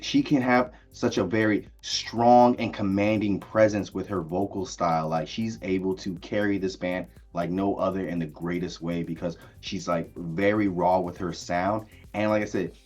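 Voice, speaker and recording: An excited man reviews an album in a casual video, his voice lowish and a little mellow. He speaks enthusiastically, filling his sentences with lots of "like" and "uh."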